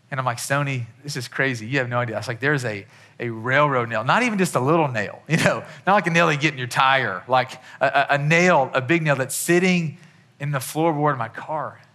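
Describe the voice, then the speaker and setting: A man's voice: medium pitch, animated, fairly quick, sharp tone. A man in his thirties, a pastor, giving a conversational sermon with many restarts.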